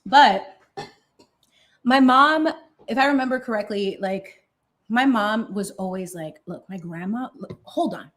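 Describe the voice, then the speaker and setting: A woman chatting casually while baking on a livestream, sassy and animated, talking straight to her viewers in her home kitchen. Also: mid-range voice, a little slow, long pauses. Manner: animated, sassy, talks straight to chat with lots of okay and honey.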